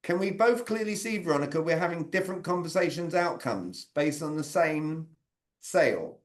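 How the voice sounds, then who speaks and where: A man's voice: fairly high pitch, lively intonation, moderate pace. A man leading an interactive online training talk on sales communication, quizzing his audience by name over a video call.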